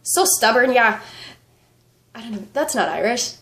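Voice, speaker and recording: A woman's voice: a little high, expressive, unhurried, fairly bright tone. A woman vlogger with a fever, chatting casually and rambling, with frequent laughter. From United States. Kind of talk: casual vlog chat.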